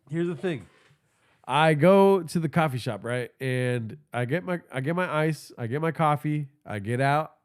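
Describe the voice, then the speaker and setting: A man hosting a podcast livestream, telling stories in a casual, profane and rambling way, talking into a phone held in his hand, with a stuffy nose. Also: fairly high pitch. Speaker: podcast host.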